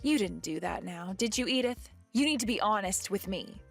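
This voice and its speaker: A woman's voice: mid-range voice, lively intonation, moderate pace, vocal fry, soft background music. A woman voicing a pregnant young wife who questions her mother-in-law in a firm, accusing way.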